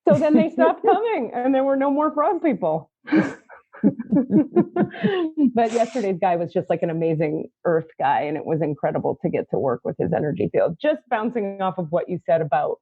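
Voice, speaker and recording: Excitable woman storyteller on a tinny line. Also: normal speed, slightly rough, no echo. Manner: excitable storyteller, acts out quotes in high squeaky voices. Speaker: podcast host and spiritual teacher. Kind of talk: animated casual chat.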